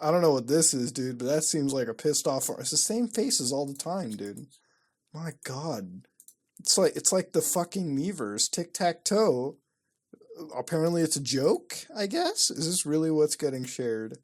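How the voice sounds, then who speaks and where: Male online host, loose profane reaction commentary, swings between loud outbursts and low mutters. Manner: profane, excitable, mock-outraged, laughing. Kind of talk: casual commentary while browsing websites.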